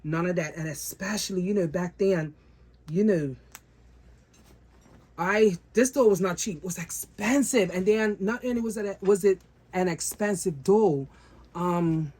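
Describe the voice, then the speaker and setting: A woman's voice: on the low side, a little slow, a little mellow. A woman vlogger talking casually to her viewers about her doll collection, repeating phrases for emphasis and calling them guys.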